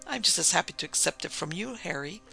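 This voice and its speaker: A man's voice: high-pitched, expressive, fast, gravelly, bright, forceful tone, soft background music, full character voice. A man voicing a menacing reptilian female creature with an icy, smug manner, read in a storybook. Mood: cold.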